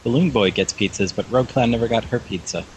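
A man's voice: medium pitch, quick pace, a little hiss or hum, low-quality recording. A man calling into a casual show, hesitant and self-deprecating, giggling between remarks. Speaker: caller. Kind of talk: casual call-in chat.

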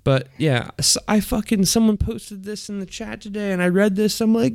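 A man's voice: high-pitched, animated, moderate pace, a little mellow, clear, resonant tone, no echo, studio quality. A man hosting a podcast in crude, profane casual chat, often laughing mid-sentence. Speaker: podcast host.

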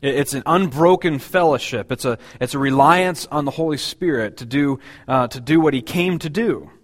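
Halting, conversational male pastor preaching. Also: on the high side. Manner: conversational, halting with many fillers and restarts. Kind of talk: sermon. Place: church.

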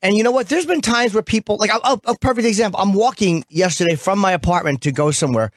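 Male radio host, blunt and profane, lively storyteller, close dry mic. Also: sits high, fast talker, no echo. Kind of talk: casual radio banter. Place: radio studio.

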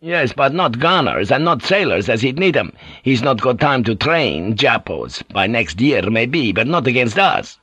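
A man's voice: medium pitch, big pitch swings, unhurried, bright, forceful tone, husky, dry recording, exaggerated voice. A man reading an audiobook, voicing a bitter, fearful middle-aged ship pilot who broods and argues. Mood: arguing.

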